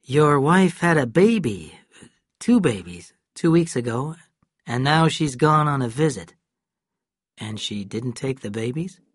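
A stern young lawman, as a male narrator reads him, firing firm, pressing questions. His delivery is slow and slightly husky, recorded close and dry. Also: mid-range voice, sing-song, dry recording.

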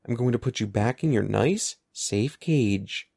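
A man's voice: mid-range voice, animated, a little slow, creaky, darkish tone, dry recording, clean studio sound. A man voicing a panicky young schoolboy, pleading and frantic in a raised voice. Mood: coaxing.

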